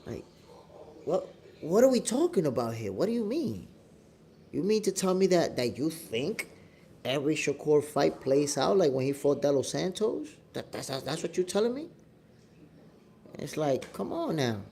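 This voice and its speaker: A man from New York City with a New York accent, hosting a boxing show as a casual livestream chat from home, animated and talking straight to his viewers. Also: fairly high pitch, moderate pace, long pauses, slight background noise. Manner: animated, repeats himself, talks straight to viewers. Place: home, at the Dominican Republic.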